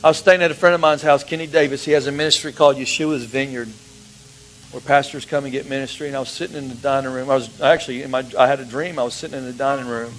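A man preaching a sermon, telling a personal story with emotion, his voice dropping to a hush and rising again. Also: medium pitch, steady tone, fast talker, soft background music, low-quality recording. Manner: emotional storytelling, swings from hushed to raised.

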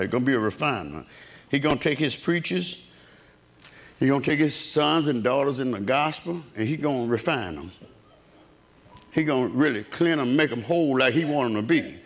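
A man preaching a fervent sermon. His voice sits on the high side for a man, and his pitch leaps around a great deal as he drops to a near-murmur, then climbs to ringing exclamations. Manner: impassioned call-and-response preaching, swinging from low murmurs to raised cries.

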